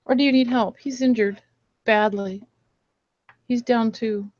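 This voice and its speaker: A woman's voice: fairly high pitch, fairly even intonation, unhurried, a little mellow, lo-fi sound, natural voice. A woman voicing a young woman adventurer who is choked up and pleading. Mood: tearful.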